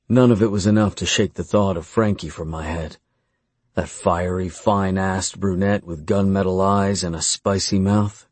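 A man with a very deep, husky voice reads an erotic story in the first person. His delivery is slow, measured and commanding, and the recording is close and dry with no room sound. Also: darkish tone, no room sound. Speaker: audiobook narrator.

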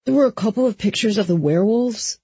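A woman reading the part of a shaken young man who quietly confesses a family secret, in a dry, slightly dull recording. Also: high voice, fast, breathy edge, no echo, voice pushed up. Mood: uneasy. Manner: quiet, hushed.

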